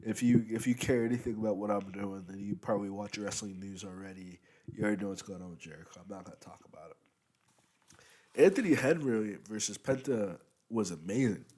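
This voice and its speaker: Laid-back man with a low, mellow voice. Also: a little fast. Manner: rambling, loose, many fillers. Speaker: wrestling show reviewer. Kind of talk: casual spoken review. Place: at home, eating while recording.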